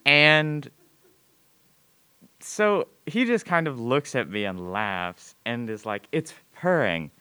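Teen male storyteller, bright clear voice, halting and self-deprecating. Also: medium pitch. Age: teens. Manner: hesitant, filler-heavy, self-mocking. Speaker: student storyteller. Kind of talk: personal story told live.

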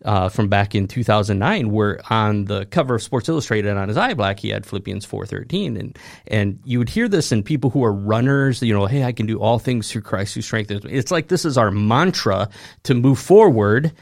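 Man, pastor, casual podcast chat, gravelly, close dry mic. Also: on the low side, moderate pace, dry recording. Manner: animated storytelling, laughs at himself. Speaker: pastor who preached the sermon series.

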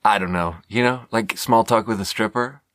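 A young man from Sweden, a podcast host, telling a rambling, self-deprecating story with halting fillers. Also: lowish voice, fairly bright tone, no room sound, studio quality. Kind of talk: casual storytelling monologue.

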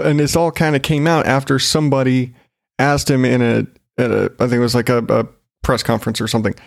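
Male solo host, casual news riffs, sarcastic and profane, mid-pitched voice, dry close sound. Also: creaky, dry recording. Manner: sarcastic, swearing, laughing often.

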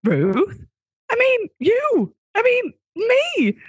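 A man voicing an excitable, frantic woman time traveller with a put-on Northern English accent. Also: measured pace, no echo, muffled recording, heavily acted. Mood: excited. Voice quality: breathless and high-strung.

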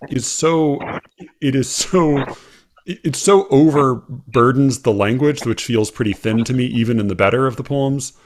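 An American man hosting a casual chat, talking haltingly with many fillers and restarts. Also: mid-range voice, a little hiss or hum. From United States.

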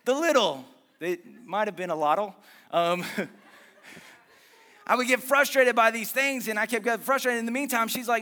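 A man preaching a sermon as pastor, lively and conversational, mixing jokes and asides about his marriage into the message. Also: very high voice, unhurried, in a large hall.

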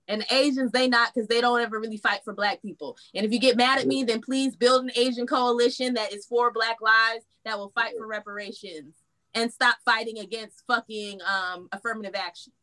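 A woman's voice: a little high, fairly even intonation, a little fast, sharp tone. A woman hosting a political reaction stream, blunt and profane, speaking, getting heated and then pulling herself back. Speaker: reaction show host. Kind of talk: casual political commentary.

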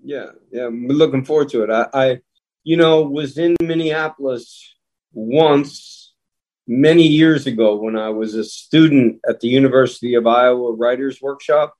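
A man's voice: mid-range voice, moderate pace, a little mellow, poor audio. An older man, a guest actor, chatting loosely and rambling in a casual interview over a remote call, swearing now and then.

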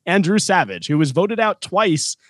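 A man's voice: sits high, big pitch swings, moderate pace, a bit bright, dry recording, clean studio sound. A man co-hosting a podcast, talking casually with many fillers and restarts while running a trivia game. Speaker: co-host running a trivia segment.

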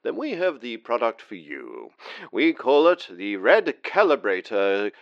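A man playing a stammering, exasperated pitchman in an improv comedy sketch. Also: wildly swooping pitch, a little slow, creaky, no echo, dull audio, full character voice. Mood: salesy. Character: flustered male ad pitchman.

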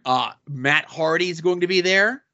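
Bright-voiced man running down guest lists. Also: fairly high pitch, unhurried, dull audio. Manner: reads off guest lists with dry asides. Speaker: podcast co-host. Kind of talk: casual podcast chat.

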